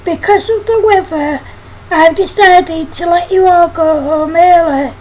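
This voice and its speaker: A woman voicing a headteacher who calmly and formally addresses the whole school in a storybook reading. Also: extremely high pitch, measured pace, a little hiss or hum, rough recording. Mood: firm. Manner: calm, formal announcing.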